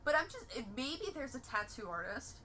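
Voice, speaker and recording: A woman's voice: high-pitched, big pitch swings, moderate pace, pushed and bright, slight background noise. A young woman chatting casually on a podcast, rambling with self-interruptions and crude jokes. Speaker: podcast guest. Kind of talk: casual chat.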